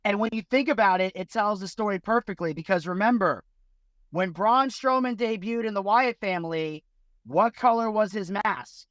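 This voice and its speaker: A man's voice: sits high, moderate pace, fairly bright tone, dry recording. A man co-hosting a podcast, making emphatic points and posing rhetorical questions in casual discussion. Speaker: podcast co-host.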